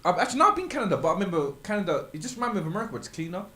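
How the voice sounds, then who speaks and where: A man hosting a casual chat show, talking quickly and laughing often. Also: sits high, big pitch swings, pushed and bright. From England. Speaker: podcast host.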